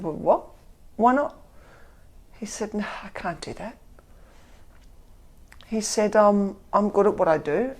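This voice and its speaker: Gravelly-voiced woman in her fifties. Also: medium pitch. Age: 50s. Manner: animated, acts out quotes. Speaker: DJ telling her story. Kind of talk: candid storytelling.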